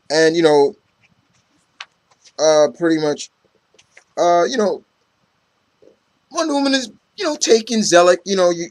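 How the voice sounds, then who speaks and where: A slightly high-voiced man, recorded with no echo, walks through a comic book story casually, rambling, using lots of fillers, and acting out what the characters say.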